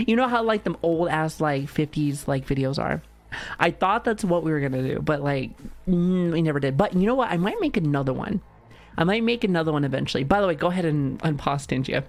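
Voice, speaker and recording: A woman streamer chatting casually while reacting to videos, excitable, laughing often and swearing freely. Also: low voice, fairly quick, soft background music.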